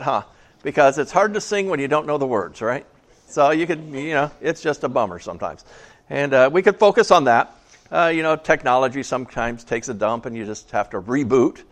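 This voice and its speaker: A man preaching a casual sermon to a small church, chatty and joking, asking the congregation questions. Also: mid-range voice. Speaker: pastor.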